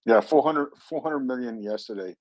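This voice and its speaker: A man asking questions in a casual online discussion, joking and chatty, with halting restarts. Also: medium pitch, very animated, gravelly, darkish tone, no room sound, poor audio. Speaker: panel regular asking questions.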